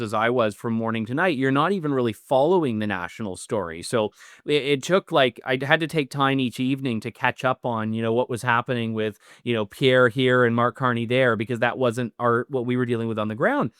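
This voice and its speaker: Earnest man with a smooth voice. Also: mid-range voice, a little fast, a bit bright, dry recording, clean studio sound. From Canada. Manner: earnest, with many restarts and fillers. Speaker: political guest, newly elected MP. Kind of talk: interview answers.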